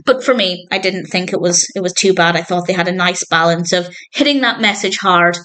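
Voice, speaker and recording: A woman's voice: lowish voice, a little fast, a bit bright, poor audio. A woman reviewing a TV sitcom episode in a casual spoken monologue, earnest and reflective, openly moved by what she describes.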